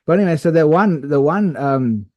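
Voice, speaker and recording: A man co-hosting a podcast, telling a story in a rambling, animated way with lots of fillers and restarts. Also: fairly high pitch, normal speed, no room sound, muffled recording. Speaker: podcast co-host. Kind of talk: casual storytelling chat.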